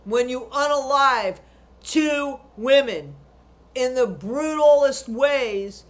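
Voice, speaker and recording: A woman with a notably high voice delivers true crime commentary in a ranting style. She is blunt and indignant and swears freely. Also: lively intonation, slow pace.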